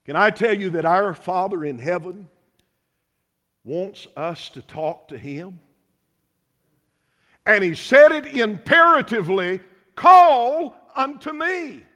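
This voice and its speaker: A man's voice: high-pitched, expressive, slow, pauses often, sharp tone. A man preaching a sermon as pastor, emphatic and full of rhetorical questions, in a church. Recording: long hall reverb.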